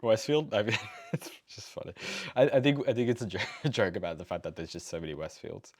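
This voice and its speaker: A man's voice: lowish voice, animated, a little fast. A man with an Australian accent, casually chatting and laughing as he reacts to a video. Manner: chatty, laughs easily, trails off.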